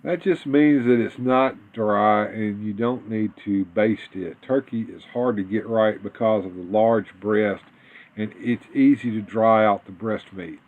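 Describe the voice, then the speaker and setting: Man, lowish voice, casual live-stream chat, rambling, thin telephone-quality sound. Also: measured pace. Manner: rambling, with frequent restarts. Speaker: co-host of a toy live stream. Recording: tinny phone-like audio.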